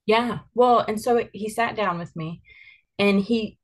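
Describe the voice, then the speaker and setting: A woman's voice: medium pitch, takes it slowly. A mother in an earnest, candid podcast conversation, telling stories and reflecting on how she raises her kids.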